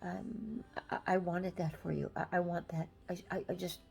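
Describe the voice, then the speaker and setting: An older woman giving a halting, emotional farewell message, close to tears, with many pauses and restarts. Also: fairly low pitch, fairly even intonation, gravelly, darkish tone, low-quality recording.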